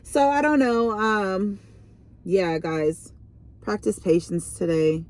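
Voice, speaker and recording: A woman's voice: medium pitch, lively intonation, takes it slowly, a little mellow. A young woman reading tarot in a casual vlog, chatty and rambling, full of fillers and restarts. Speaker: tarot reader.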